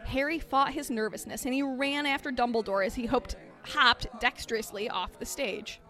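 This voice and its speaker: A woman's voice: fairly high pitch, moderate pace, a bit bright, faint music behind. A woman podcast host giving a comedic dramatic reading of a parody story, mock-earnest with wry asides.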